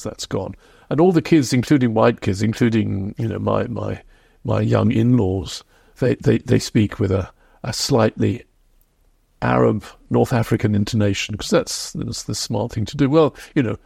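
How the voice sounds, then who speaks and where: A man being interviewed as a historian, explaining in a reflective, measured way. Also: on the low side, creaky, darkish tone, husky, no echo, studio quality. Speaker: historian guest. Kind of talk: podcast interview.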